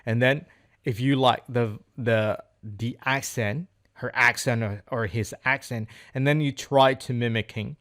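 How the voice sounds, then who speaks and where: This English learner's mid-range voice is unhurried, a bit bright, and fairly even in intonation. Recording an unscripted practice monologue, he hesitates, searches for words, and often repeats phrases.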